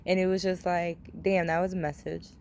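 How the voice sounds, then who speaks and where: A woman's voice: on the low side, level tone, brisk, vocal fry, darkish tone, a little hiss or hum. A young adult woman talking casually to her camera, rambling with many fillers, cursing freely and speaking openly. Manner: open and confiding. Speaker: vlogger. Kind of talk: casual personal vlog talk.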